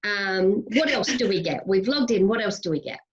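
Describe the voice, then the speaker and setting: An Australian woman hosts a relaxed interview, gushing and chatty with frequent giggles. Her voice sits at a middle pitch, and the audio is a little dull and lo-fi. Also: normal speed. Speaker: podcast host. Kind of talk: casual interview chat.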